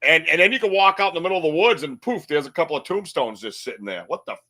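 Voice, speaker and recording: A man hosting a podcast, chatting casually and excitedly, laughing often and acting out what people said. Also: a little high, racing. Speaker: podcast host. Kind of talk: casual chat.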